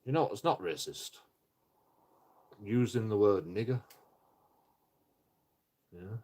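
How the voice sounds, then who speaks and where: A man with a low, husky voice rants on a live stream. He rambles and swears freely, often tripping over his words and starting sentences again. His speech stays loose and unpolished. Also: expressive, takes it slowly, a little mellow. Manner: rambling and profane, with frequent restarts. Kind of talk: casual live-stream rant.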